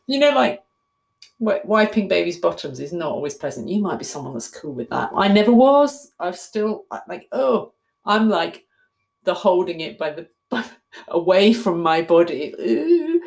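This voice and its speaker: A chatty woman, talking straight to her viewers. Her low voice swings widely, diving into quiet asides and jumping up into squeaky mock alarm. She laughs at herself often. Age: 60s. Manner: chatty and self-mocking, laughing often, voice leaping high in mock panic. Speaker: vlogger. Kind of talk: casual storytelling monologue.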